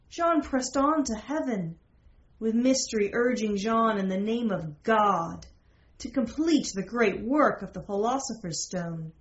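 A woman reading a fantasy romance aloud as a narrator, in a slow, measured way. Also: on the high side. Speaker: story narrator. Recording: roomy, slightly dull recording.

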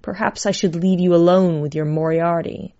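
A woman voicing a calm, cool personification of Death in a storybook reading, measured and even. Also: fairly low pitch, lightly acted. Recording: dull lo-fi recording.

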